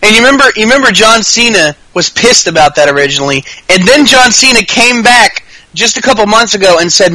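A man co-hosting a podcast, chatting casually about wrestling in a profane, animated rant. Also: sits high, a little fast, no room sound, low-quality recording. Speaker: podcast co-host.

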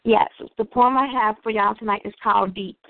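A woman calling in to share a poem, soft-spoken and slow. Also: mid-range voice, steady tone, dry recording. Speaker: caller and poet. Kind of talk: casual phone call. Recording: dry phone-line audio.

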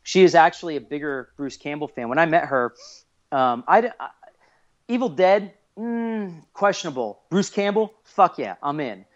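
A man in his thirties, a guest on a casual podcast, telling stories in an excitable way with lots of swearing. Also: on the high side, moderate pace. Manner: animated, swears a lot, excitable. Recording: dull lo-fi podcast audio.

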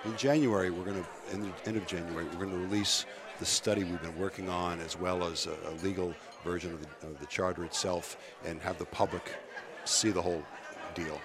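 Guest man with a cold, very deep voice, crowd chatter behind. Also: steady tone. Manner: thoughtful, halting explanations with restarts. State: coming down with a cold. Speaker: guest speaker, commission chair. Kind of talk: radio interview.

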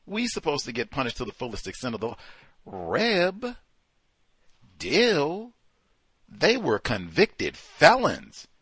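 A man's voice: mid-range voice, huge pitch swings, slow, long pauses, a bit bright, slightly rough, no echo. A man hosting a call-in show, giving emphatic, sarcastic commentary. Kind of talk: talk radio commentary.

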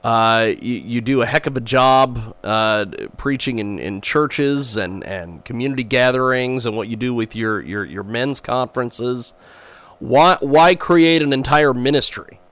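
A man's voice: medium pitch, measured pace, a bit bright, dry recording. A male interview host asks rambling, encouraging questions, tripping over his words as he goes. His voice is dry and close, with no room around it. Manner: encouraging, stumbles through long questions.

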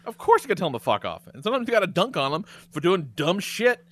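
A middle-aged man hosting a podcast, telling stories in a profane, animated way. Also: sits high, fast. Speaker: podcast host. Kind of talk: casual podcast chat.

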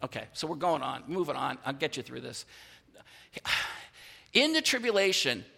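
A pastor giving a sermon, telling a personal story in an animated way and often restarting his phrases. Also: fairly high pitch, normal speed, gravelly, breathy edge, in a large hall.

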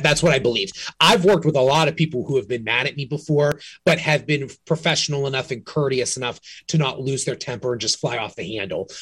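A man's voice: mid-range voice, a bit bright, breathy edge, no room sound. A man co-hosting a real estate podcast, talking frankly and casually, often restarting his sentences. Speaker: realtor podcast co-host.

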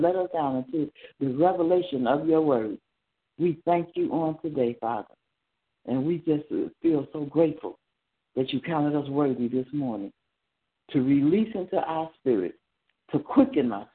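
A man preaching and praying at an early morning prayer service, with fervent, repetitive exhortations that swell into cries. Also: on the high side. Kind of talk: sermon and prayer. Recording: tinny phone-line sound.

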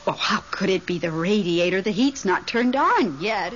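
An actress playing a nervous, devoted middle-aged widow in a 1970s radio drama, fretful and excitable. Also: female voice, mid-range voice, normal speed, lightly acted. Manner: fretful, excitable, talks on the phone. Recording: dull vintage radio broadcast, faint hiss.

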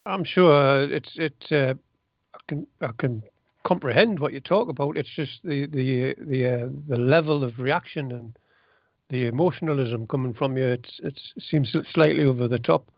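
A man with a mid-range voice answers in a calm, measured way and stumbles over fillers as he searches for words. The sound is dull and lo-fi, and the room is dry. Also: medium pitch, dry recording. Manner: hesitant, measured, many fillers. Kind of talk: calm conversational pushback.

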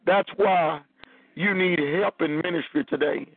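Male minister, phone-line sermon, raspy, fairly high-pitched, very dry sound. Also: a little slow, no echo. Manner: preaching, reading scripture aloud.

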